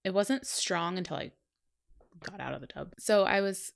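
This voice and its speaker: A woman's voice: lowish voice, moderate pace, vocal fry. A woman in her thirties co-hosting a podcast, telling a personal story in casual chat, acting out quotes and laughing often. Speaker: podcast co-host.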